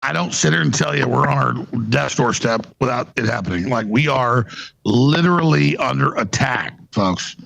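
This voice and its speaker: A man's voice: mid-range voice, lively intonation, moderate pace, creaky, fairly bright tone, poor audio. A man hosting a live show, ranting emotionally with heavy profanity and emphatic, repeated phrases. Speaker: host.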